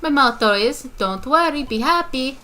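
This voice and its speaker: Lady playing smug pompous ceo guy, fancy big words, kinda bright sounding. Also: high voice, lively intonation, normal speed. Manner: grandiose, big-word affected speech. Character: pompous arrogant male corporate CEO. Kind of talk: reading game dialogue aloud.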